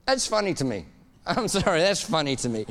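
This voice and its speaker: A man preaching a sermon in a church, animated and laughing as he urges the congregation to call back to him. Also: on the high side, a little fast, creaky, long reverb tail. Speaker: pastor.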